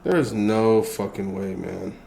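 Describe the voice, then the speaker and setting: A man's voice: fairly low pitch, takes it slowly, vocal fry, a little mellow, slight background noise. A man co-hosting a reaction video, talking loosely in casual chat, slangy and profane and full of fillers. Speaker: co-host.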